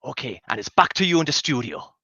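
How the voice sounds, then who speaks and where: A man's voice: medium pitch, very animated, fast talker, bright, forceful tone, slightly rough, no room sound, muffled recording, faint music behind. A man hosting an improvised comedy stream, narrating a game walkthrough in a chirpy, guiding way. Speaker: host.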